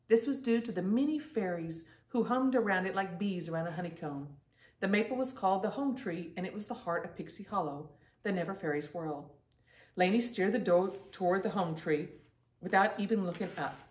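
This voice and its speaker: Woman reading aloud to children, lively, gentle, mic set back in an echoey room. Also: medium pitch, recorded from a distance. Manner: gentle, lively read-aloud with asides to listeners. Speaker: storyteller. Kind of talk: children's book read-aloud.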